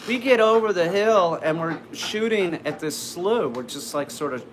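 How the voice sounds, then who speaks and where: A man's voice: high voice, animated, moderate pace. A man casually telling a personal story, rambling with lots of restarts and fillers. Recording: noisy background ambience.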